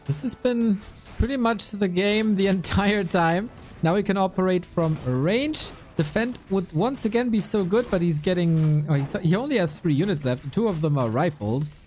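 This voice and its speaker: A man giving playful live commentary on a strategy game match, with quick asides. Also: high voice, expressive, darkish tone, soft background music. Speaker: esports commentator.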